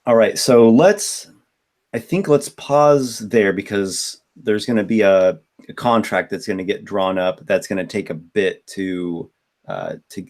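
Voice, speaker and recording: A man's voice: on the low side, a little slow, darkish tone. A man running a tabletop game as game master, talking loosely and thinking aloud. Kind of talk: casual tabletop game talk.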